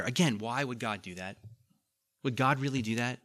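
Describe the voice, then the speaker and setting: A man's voice: medium pitch, moderate pace, pushed and bright. A male pastor preaching a conversational sermon, reading scripture aloud with emphasis and putting questions to the congregation.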